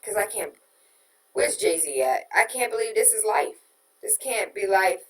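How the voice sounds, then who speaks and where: A woman hosts a casual political talk show, reading listener comments and ranting with exasperated emphasis. Her outbursts rise loud, then drop to hushed disbelief. She sits back from the mic in a roomy, echoing space. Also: medium pitch, unhurried, distant mic.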